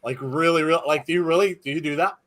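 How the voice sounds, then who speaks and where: A man's voice: a little high, fast talker, a bit bright. Chatty, joking male stream host. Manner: chatty, jokey, reads viewer comments aloud. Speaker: live watch-along host. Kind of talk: casual live commentary.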